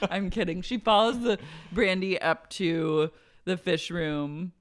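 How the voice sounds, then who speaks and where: A woman's voice: lowish voice, takes it slowly. A young adult woman co-hosting a casual podcast, playful, slipping into mock voices as she retells scenes. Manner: playful, slips into mock voices of the people discussed. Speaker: podcast co-host. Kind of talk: casual chat.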